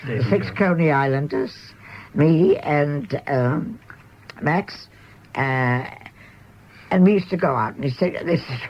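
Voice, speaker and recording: An older woman, a guest on a radio chat, reminiscing in a chatty, animated way with many exclamations. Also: low voice, takes it slowly, long pauses, slightly rough. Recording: dull lo-fi radio with faint hiss.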